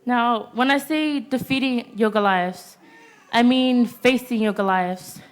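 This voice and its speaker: A teenage girl with a high voice preaches to a youth congregation in a church. She delivers her sermon in short, declared points and pauses after nearly every one to ask "Amen?" as call-and-response. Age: teens.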